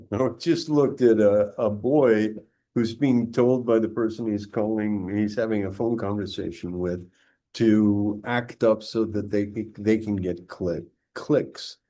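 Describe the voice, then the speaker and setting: A man's voice: on the low side, steady tone, takes it slowly, dark tone. An older man, a guest historian, talking emphatically in an interview with frequent restarts. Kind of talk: conversational interview.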